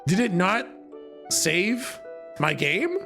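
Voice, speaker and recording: A male streamer with a worn, hoarse voice, chatting casually to his viewers. His pitch leaps around a lot while his pace stays slow and loose. He breaks into laughs and loud shouts, with clear music playing behind him. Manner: laughs often, loud bursts of excitement. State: voice going, hoarse. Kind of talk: casual live-stream chat.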